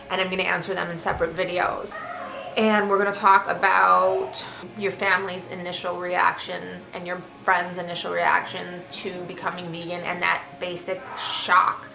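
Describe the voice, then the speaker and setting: Bright-voiced woman vlogging in an echoey room. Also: on the low side, gravelly. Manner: earnest, emphatic, animated when excited. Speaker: vegan vlogger. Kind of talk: casual vlog talk. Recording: echoey room with faint noise.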